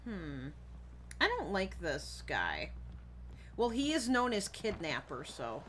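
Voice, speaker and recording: A woman's voice: medium pitch, wildly swooping pitch, takes it slowly, fairly bright tone. A woman streamer commenting live on a horror game, flustered, exclaiming and swearing often. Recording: live stream audio with background noise.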